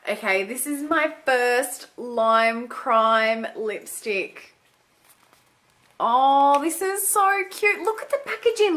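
A young woman excitedly unboxing gifts for her vlog, gasping and gushing with delight. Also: high-pitched. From Australia. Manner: gushing, gasping, lots of "oh my God". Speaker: beauty vlogger.

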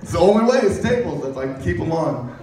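On a comedy stage, a male stand-up with a high voice and lively intonation rambles quickly through crude jokes, often laughing at them himself. The mic sits far off in a very echoey room, with a crowd audible in the background.

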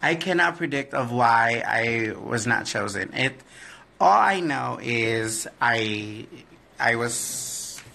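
A man's voice: mid-range voice, creaky, pushed and bright. A man who performs in drag, answering fan questions in a candid, profane live-stream chat and often trailing off with "I don't know.".

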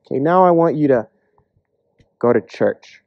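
A man preaching a casual, earnest sermon, acting out imagined voices in quick asides. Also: a little high, lively intonation, no echo, muffled recording.

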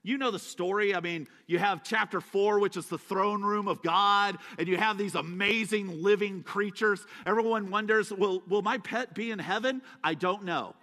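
A man's voice: high voice, steady tone, moderate pace, hardly any pauses, sharp tone. A man preaching a sermon as a guest speaker, telling the story dramatically with joking asides. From USA. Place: church sanctuary. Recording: echoey church hall.

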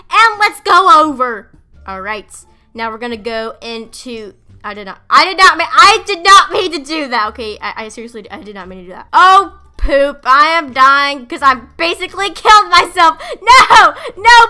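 A woman giving casual gameplay commentary, excitable and giggly, breaking into squealing shouts when chased. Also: high voice. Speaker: gaming channel host.

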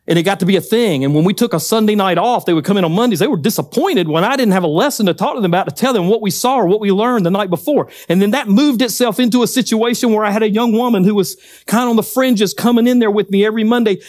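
A man preaching a sermon, telling stories with lively acted-out quotes. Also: sits high, fast talker, few pauses, dry recording. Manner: animated storytelling, acts out quotes. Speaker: pastor.

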